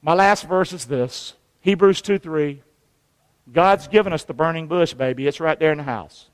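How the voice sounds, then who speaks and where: A man's voice: on the high side, moderate pace, smooth, big-room sound. A man, a pastor preaching a sermon with call-and-response to his congregation. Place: church sanctuary.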